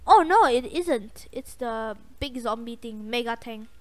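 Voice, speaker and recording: A young woman hosting a gaming channel, giving casual, excitable gameplay commentary with a voice going hoarse. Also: on the high side, measured pace. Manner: excitable, yelps and trash-talks the game.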